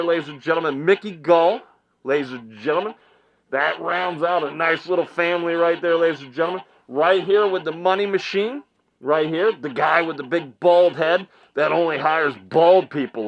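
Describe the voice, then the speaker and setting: Lo-fi audio carries a slightly high, gravelly male voice delivering mocking vlog commentary. This online commentator laughs a lot and repeats phrases like a ring announcer.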